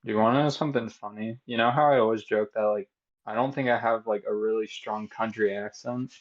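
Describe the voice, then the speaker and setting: Lively young man on a dull mic. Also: on the low side, a little fast. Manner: animated, laughs easily, chatty. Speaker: podcast co-host. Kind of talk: casual chat.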